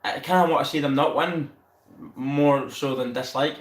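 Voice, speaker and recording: A man chatting excitedly on a live stream, swearing freely and laughing often. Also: mid-range voice, moderate pace. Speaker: livestream host. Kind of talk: casual live-stream chat. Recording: roomy echo.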